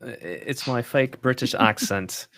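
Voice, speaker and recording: A man's voice: mid-range voice, measured pace, a bit bright, no room sound. A man hosting a casual livestream and answering viewer questions in an easygoing way. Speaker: PC company livestream host.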